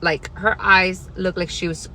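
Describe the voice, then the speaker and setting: A woman's voice: on the low side, steady tone, unhurried, pushed and bright, slight background noise. A young woman telling a casual workplace storytime in a blunt, profane, second-person way.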